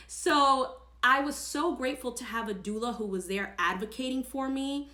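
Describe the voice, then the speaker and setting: Woman vlogging her story, earnest n emphatic, lots of um and like, bright voice, echoey room. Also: high-pitched, moderate pace. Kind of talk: casual personal storytelling to camera.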